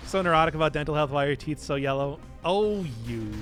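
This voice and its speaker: A man's voice: fairly high pitch, lively intonation, fast, a bit bright, faint music behind. A young man streaming a video game, chatting casually, answering chat and laughing at himself often. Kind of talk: casual gameplay commentary.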